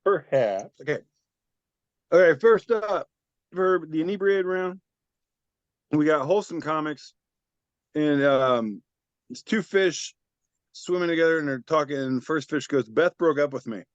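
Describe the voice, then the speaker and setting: A laid-back man hosts a podcast and reads memes with swearing, deadpan asides, his voice sitting a touch high. The audio is muffled and lo-fi but dry. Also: a little slow, pauses often, smooth, dry recording. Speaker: podcast host. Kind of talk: casual chat reading memes aloud.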